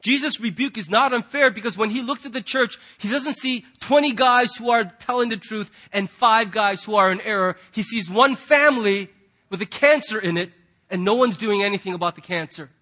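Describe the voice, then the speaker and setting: A man preaching with a notably high voice and a bright, forceful edge. He talks in a conversational, emphatic way and drops casual asides to the congregation as he goes. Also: normal speed. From United States. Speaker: pastor. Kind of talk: sermon.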